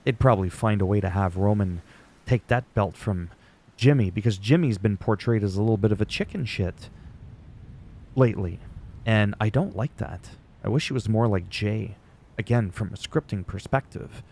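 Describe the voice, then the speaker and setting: A man's voice: on the low side, normal speed, a little mellow. A middle-aged man hosting a casual wrestling recap, rambling and chatty, joking at his own expense. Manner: rambling, chatty, laughs at himself.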